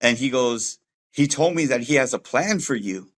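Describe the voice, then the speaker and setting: A man's voice: mid-range voice, animated, moderate pace, a bit bright. A middle-aged man telling his life story as a personal testimony in a loose, conversational way, full of fillers and acted-out quotes. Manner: conversational, acts out quoted voices, many fillers. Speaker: testimony speaker.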